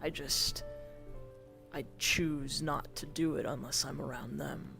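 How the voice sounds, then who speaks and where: Over music, a man voices an irritable, touchy grey-haired young man in a virtual-world role-play, using an exaggerated, fairly high, creaky voice that is slow and fairly even. The exasperated character swears often and sighs, trying to speak formally while a drawl slips in.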